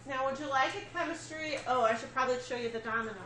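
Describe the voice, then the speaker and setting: A woman's voice: sits high, quick pace, bright, forceful tone, slight background noise. A woman teaching a chemistry lesson, explaining step by step and checking in with her students. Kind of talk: classroom lecture. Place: classroom. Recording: echoey classroom with faint ambience.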